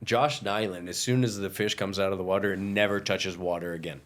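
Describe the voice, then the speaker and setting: Low-voiced easygoing man chatting. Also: steady tone, a little fast. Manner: easygoing, rambling with restarts. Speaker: podcast guest, chef. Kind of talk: casual chat.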